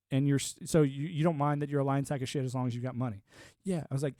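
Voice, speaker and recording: A man's voice: on the high side, fast talker, a little mellow, no echo, studio quality. A man ranting on a live stream, profane and combative, laughing often and talking like a military veteran. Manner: former military and network engineer talk. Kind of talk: casual live-stream rant.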